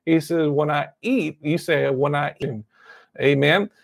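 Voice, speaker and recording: Gravelly-voiced man preaching a sermon. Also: on the high side, measured pace, no echo. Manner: repeats amen often, storytelling. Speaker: pastor.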